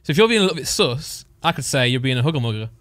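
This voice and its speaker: A man's voice: medium pitch, big pitch swings, very fast, a bit bright, no room sound. A man, co-hosting a podcast in casual chat, reading out word definitions and laughing often. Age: 20s. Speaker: podcast co-host.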